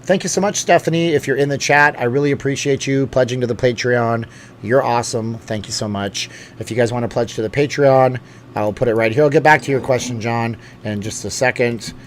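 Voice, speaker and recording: A medium-pitched man talks fairly quickly while hosting a casual live stream, with some background noise. He goes through viewer comments in a rambling, chatty way, with lots of fillers, restarts and self-corrections.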